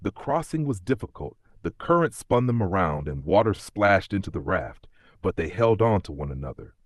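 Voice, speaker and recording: A man with a very deep voice tells a fairy tale calmly, with lively rises and falls in pitch. The recording is dry and close, with no room sound. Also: moderate pace, dry recording. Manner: calm, storybook telling. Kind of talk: scripted narration.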